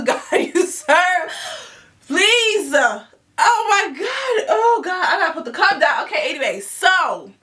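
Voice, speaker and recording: A woman in her twenties, telling a personal story in a casual, animated and dramatic way, laughing and dropping into asides. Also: high-pitched, far from the mic.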